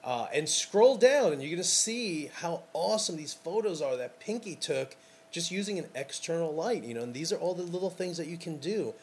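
A man's voice: fairly high pitch, expressive, normal speed, slight background noise. A man hosting a casual podcast as a wedding photographer, talking in an enthusiastic, rambling way with lots of fillers.

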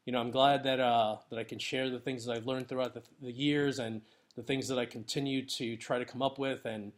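A man's voice: medium pitch, level tone, brisk. A man, a wedding photographer, talking casually to his listeners in a loose, upbeat way, with many "you know"s and "um"s. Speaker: wedding photographer giving business advice. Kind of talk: casual solo podcast talk.

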